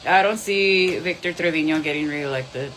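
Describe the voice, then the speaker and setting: A woman's voice: deep voice, normal speed, a bit bright, slight background noise, low-quality recording. Blunt woman reading tarot. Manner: blunt and profane, mixing English and Spanish. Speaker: tarot reader. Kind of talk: live-streamed tarot reading.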